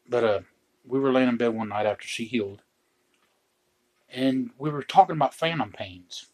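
A middle-aged man telling true stories from home in a casual chat, with dry, deadpan joking asides. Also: medium pitch, unhurried, pauses often, slight background noise.

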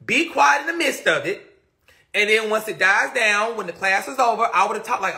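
A young man live-streams from a phone indoors, his high-sitting voice gravelly, bright, and forceful, expressive at a moderate pace. He rambles casually and reflectively, frequently trailing off into muttering and doubting himself, recorded on the phone mic.

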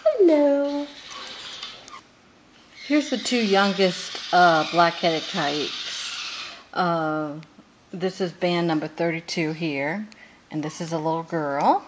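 Lady cooing at baby birds, slow, lots of chirping and noise around. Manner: sing-song baby talk, high calls. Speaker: parrot breeder. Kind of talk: coaxing talk to pet birds.

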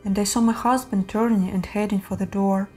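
A woman reads horror stories in a steady, measured voice. Her tone is mellow and soft-edged. Faint music plays underneath. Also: mid-range voice. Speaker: narrator. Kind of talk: scripted horror story narration.

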